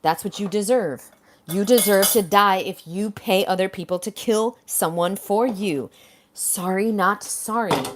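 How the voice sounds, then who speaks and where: A woman's voice: mid-range voice, unhurried, a little hiss or hum. A woman hosting a livestream, answering a viewer comment in a blunt, heated, swearing rant. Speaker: livestream host.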